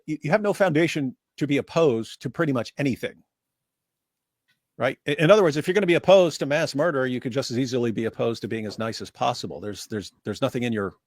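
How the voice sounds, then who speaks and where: A man's voice: mid-range voice, dry recording, clean studio sound. A man co-hosting a casual reaction stream, arguing emphatically with frequent restarts. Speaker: stream co-host.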